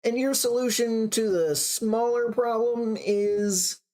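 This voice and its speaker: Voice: medium pitch, slow pace, darkish tone, voice pushed up. A reader doing an exasperated male detective. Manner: incredulous, exasperated. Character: weary male police detective.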